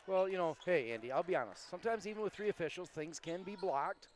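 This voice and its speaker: A man calling a high school basketball game on a headset, hyped and folksy, teasing his partner. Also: fast, slight background noise. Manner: hyped, folksy, calls partner buddy and son. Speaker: play-by-play announcer.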